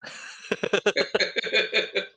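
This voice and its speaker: Bright-toned man recapping a movie. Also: very slow, rough recording. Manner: laid-back plot recap, chuckling often. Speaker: podcast co-host. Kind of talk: casual movie review chat.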